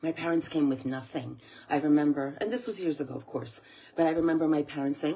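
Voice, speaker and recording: This American host speaks quickly in a low, warm, slightly rough voice. Addressing the camera in an emotional monologue, she sounds earnest and near tears, going back over the same phrases.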